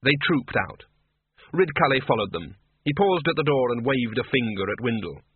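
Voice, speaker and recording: A man narrating a comic fantasy novel in a dry, even storytelling manner. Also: mid-range voice, normal speed, husky, dry recording. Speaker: audiobook narrator. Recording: tinny phone-like, dry audio.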